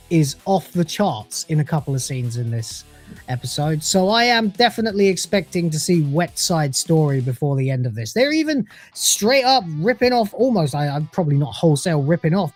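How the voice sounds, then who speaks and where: A man's voice: a little high, a little mellow. A man delivering a scornful, sarcastic review of a TV episode, swearing freely as he rants. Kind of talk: ranting review.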